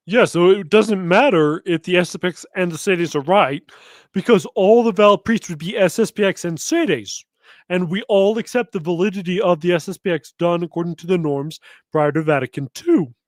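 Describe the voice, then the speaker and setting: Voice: mid-range voice, moderate pace, dry recording, clean studio sound. A commentary host reacting to a clip with mocking, laughing sarcasm.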